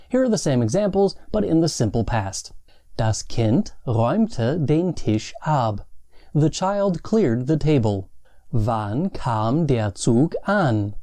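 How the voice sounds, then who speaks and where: A man giving a scripted grammar lesson, reading the example sentences slowly and carefully. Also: a little high, mellow. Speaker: language teacher.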